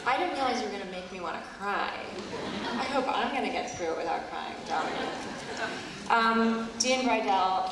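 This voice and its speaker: A woman's voice: medium pitch, background noise. A middle-aged woman giving a commencement speech, playful, self-deprecating and emotional. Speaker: commencement speaker. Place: large auditorium. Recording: echoey hall from far off.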